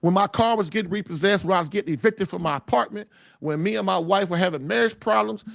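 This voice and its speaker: A man's voice: high voice, fast talker, vocal fry, a bit bright, dry recording, clean studio sound. A man hosting a faith-based show, preaching in emphatic, casual talk full of folksy slang and repeated phrases for punch. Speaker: podcast host.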